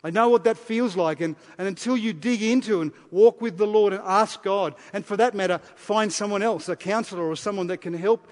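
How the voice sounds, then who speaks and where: A man preaches to his congregation in a high, bright-toned voice. He leans hard on key phrases, repeats them, and drops from loud declarations to quiet asides. Long reverb from the big room trails after each line. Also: brisk, few pauses. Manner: emphatic, repeats key phrases, shifts between loud and soft. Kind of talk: sermon. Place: church service. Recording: long reverb of a large hall.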